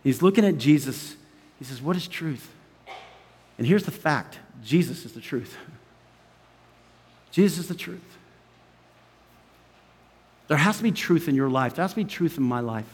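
A man with a notably high voice preaches from the pulpit, his words ringing with the long reverb of a large hall. He swings between loud, urgent emphasis and hushed, intimate asides, chuckling between phrases. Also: animated, normal speed, long pauses, husky. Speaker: pastor. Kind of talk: sermon.

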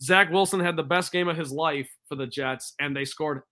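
Bright, emphatic young man co-hosting. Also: on the high side. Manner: emphatic, trash-talking, quick to joke. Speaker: podcast co-host. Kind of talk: casual fantasy football chat.

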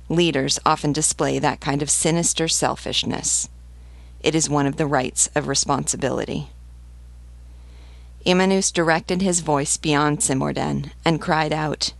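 Woman, novel narration, slow pace, gravelly voice, dry close sound. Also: deep voice, no echo. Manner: measured, deliberate reading. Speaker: literature teacher reading aloud.

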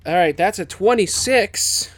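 A man's voice: high-pitched, animated, a little slow, no echo. A young man joking around as a player in a tabletop game, sometimes putting on voices for his character.

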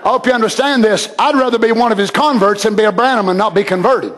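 A man preaching a sermon, swinging from shouted, drawn-out lines to low murmurs. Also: noisy background.

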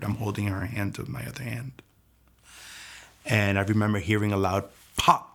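A young man telling his personal testimony in a hushed, intense way, his voice often dropping almost to a whisper. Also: on the low side, creaky. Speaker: testimony speaker.

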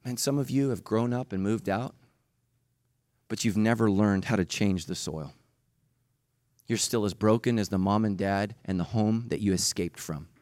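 A middle-aged man preaching a sermon as pastor. He talks passionately, jumping from loud bursts to hushed, slow emphasis. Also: on the low side, no echo, clean studio sound.

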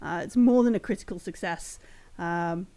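A woman's voice: fairly low pitch, moderate pace, warm tone. A woman narrating a tabletop game as game master, hesitant with many fillers.

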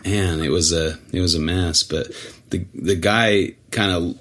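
A man's voice: sits low, unhurried. A man co-hosting a podcast, telling a casual, rambling story full of fillers and acting out the quotes. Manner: rambling, filler-heavy, animated, acts out quotes. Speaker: podcast co-host.

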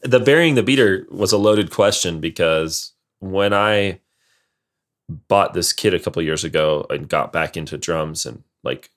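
A man's voice: low voice, animated, unhurried. A man co-hosting a podcast, chatting casually and enthusiastically with stumbling restarts. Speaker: podcast co-host. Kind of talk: casual chat.

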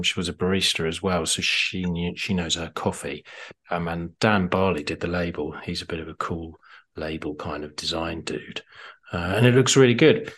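A man co-hosting a drinks podcast, talking casually and enthusiastically with frequent fillers and restarts. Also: low voice. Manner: chatty, enthusiastic, lots of fillers. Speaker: podcast co-host.

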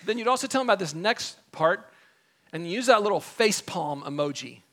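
A man's voice: high-pitched, lively intonation, moderate pace, bright, forceful tone. A young adult man preaching a sermon in a conversational way, acting out the people in the story he tells. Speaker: pastor.

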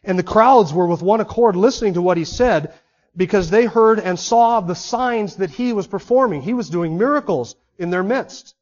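A man's voice: high-pitched, moderate pace. A man preaching an expository sermon, emphatic and full of rhetorical questions to his listeners. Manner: emphatic, asks the audience many rhetorical questions. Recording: dull lo-fi sermon recording.

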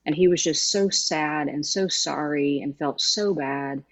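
A woman's voice: low-pitched, measured pace. A woman guest in an interview, telling an emotional story with emphatic, heartfelt delivery. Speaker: guest, former sideline reporter. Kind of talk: conversational interview.

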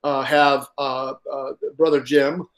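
Slow, emphatic male preacher. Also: mid-range voice, little pitch movement. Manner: emphatic, repeats words and restarts; reads aloud from a workbook. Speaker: pastor. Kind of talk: sermon.

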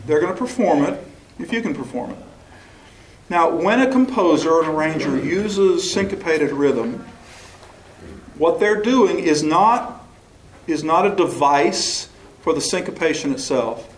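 A man's voice: fairly high pitch, expressive, a little slow, slight background noise. A man leading a choral workshop session, explaining and asking questions, now and then singing a short phrase to demonstrate. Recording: echoey room recording.

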